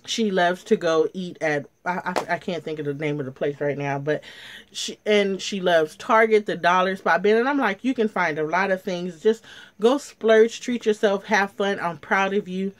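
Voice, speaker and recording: A woman's voice: lowish voice, moderate pace. A middle-aged woman, telling a personal story to her viewers in a casual, emotional way, near tears. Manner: emotional, chatty, addresses viewers as ladies. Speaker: vlogger. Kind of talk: casual story time chat to camera.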